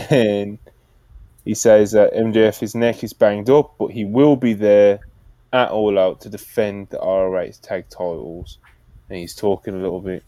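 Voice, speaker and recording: A man's voice: lowish voice, warm tone, no echo. A man hosting a podcast, casually recapping wrestling in a rambling way, with laughs and restarts. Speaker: podcast host. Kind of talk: casual wrestling review chat.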